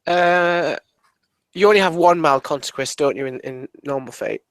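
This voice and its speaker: A man's voice: mid-range voice, expressive, brisk, fairly bright tone, no room sound. A young man playing a tabletop game, hesitant and wry, often muttering. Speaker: player. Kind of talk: casual game chat.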